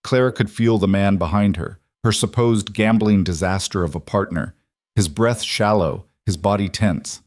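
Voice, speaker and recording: Low-voiced man narrating a drama. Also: moderate pace, a little mellow, dry recording, studio quality. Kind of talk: scripted narration.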